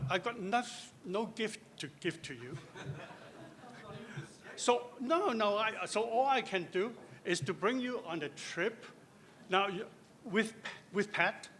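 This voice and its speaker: A man's voice: a little high, sharp tone, a little hiss or hum. An older man giving a conference lecture, chatty and joking, with lots of asides. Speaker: guest lecturer. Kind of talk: conference talk.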